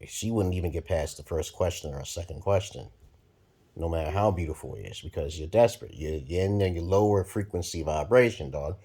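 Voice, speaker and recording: Man, 40s, from Brooklyn, very low voice, husky, profane rambling vlog rant. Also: a little fast. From Brooklyn, New York, USA. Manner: profane, blunt, rambling with sudden loud jumps. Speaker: vlogger. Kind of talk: rambling monologue to camera.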